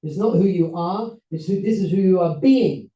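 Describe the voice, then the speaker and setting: Animated man lecturing, dark roomy sound. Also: high-pitched, moderate pace, distant mic. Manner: animated, acts out characters with voices and laughs. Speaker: rabbi giving a seminar talk. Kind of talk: lively storytelling lecture.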